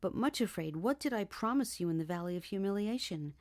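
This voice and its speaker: Warm, cheery male shepherd, read by a woman narrator, reassuring and unhurried. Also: medium pitch, expressive, lightly acted. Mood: gentle. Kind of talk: audiobook character reading.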